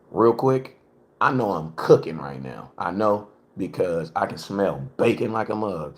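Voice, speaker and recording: A man's voice: sits low, animated. Slangy man chatting on a live stream. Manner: slangy, chatty, repeats himself, slows words for emphasis. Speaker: livestream host. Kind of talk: casual live-stream sports talk. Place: home, cooking. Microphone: phone for live stream.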